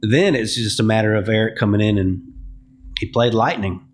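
A man's voice: on the low side, normal speed, slight background noise. A man, a music publisher, giving a podcast interview and telling candid stories, acting out what people said to him. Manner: candid storytelling, acts out quoted dialogue.

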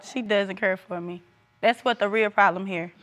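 A woman's voice: medium pitch, steady tone, normal speed, fairly bright tone. A woman testifying in a TV courtroom as the child's mother, insistent and defensive, repeating her denials.

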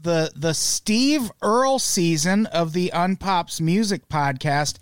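A man's voice: sits high, slow pace, hardly any pauses, clear, resonant tone, dry recording, studio quality. A man hosting a casual comedy music podcast, joking and laughing often. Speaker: podcast host.

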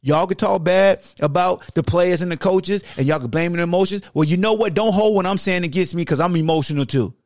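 A man in his forties hosting a sports podcast, ranting loudly in slangy talk and arguing back and forth with himself. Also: sits high, a little fast, few pauses, no room sound, studio quality. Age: 40s. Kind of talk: heated sports rant in an alter-ego persona.

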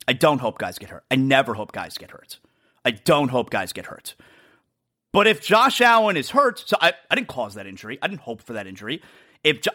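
A man's voice: fairly high pitch, pushed and bright. A man hosting a sports talk show, talking emphatically and repeating himself for effect. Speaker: sports radio host. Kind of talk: solo sports talk monologue.

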